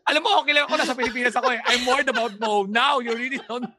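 Male co-host, quick high voice, dry close sound, joking and laughing. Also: noisy background. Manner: joking, laughs often, mostly Tagalog. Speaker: podcast co-host. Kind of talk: casual chat.

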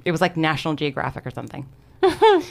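A young woman casually telling a story on a podcast, animated, swearing and laughing often. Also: deep voice, quick pace, gravelly. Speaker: podcast host presenting research. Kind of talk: casual chat.

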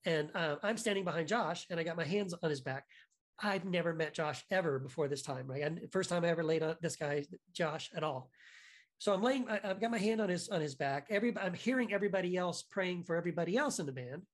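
Man, podcast guest, casual story, animated, restarts, frequent asides. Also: a little high, fast. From United States.

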